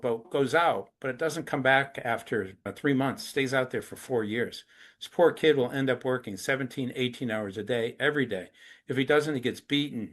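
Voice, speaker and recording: A man's voice: medium pitch, fairly bright tone. A middle-aged man being interviewed, earnestly explaining hard subjects through step-by-step examples. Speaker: anti-trafficking activist, interview guest. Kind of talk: conversational interview.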